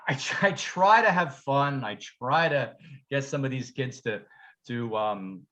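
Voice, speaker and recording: A music teacher co-hosting a podcast tells funny stories in casual conversation, animated and laughing often, swearing, and acting out the voices of people he quotes. His medium-pitched voice is unhurried, and the audio sounds dull.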